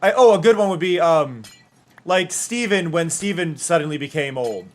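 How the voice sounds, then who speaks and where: Male streamer, higher-pitched voice, rambling chatter and hummed asides. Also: animated, normal speed. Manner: rambling and chatty, with hums and half-sung bits. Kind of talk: casual live-stream chat.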